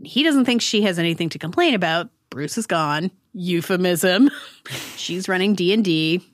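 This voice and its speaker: A woman's voice: lowish voice, lively intonation, normal speed, dry recording, clean studio sound. A woman podcast co-host recapping a TV episode with wry, sarcastic asides. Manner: wry, sarcastic, laughs often.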